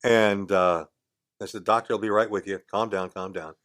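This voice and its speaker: Older man spinning a lively yarn. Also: on the low side, normal speed. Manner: lively storyteller, acts out quoted voices. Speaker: podcast guest. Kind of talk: casual anecdote telling. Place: radio studio.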